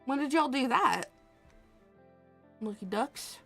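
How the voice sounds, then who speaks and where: Brief: female streamer, unhurried delivery with vocal fry, swears freely, faint music underneath. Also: sits high. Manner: animated, swears freely, ranting with laughs. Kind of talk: casual chat while gaming.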